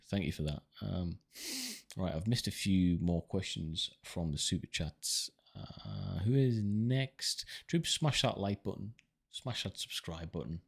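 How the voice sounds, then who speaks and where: Low-voiced man hosting a livestream. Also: gravelly, slightly rough. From United Kingdom. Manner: relaxed and chatty, many ums and uhs, calls viewers brother. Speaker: livestream host reading viewer questions. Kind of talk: casual live commentary.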